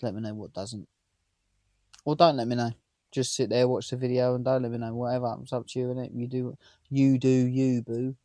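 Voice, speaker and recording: A man's voice: mid-range voice, mellow, dry recording. Chatty thirty-something London-area man. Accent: southern English, London area. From England. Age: 30s. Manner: rambling, chatty, asks viewers questions. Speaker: vlogger. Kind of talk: casual chat to camera. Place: inside a parked camper van.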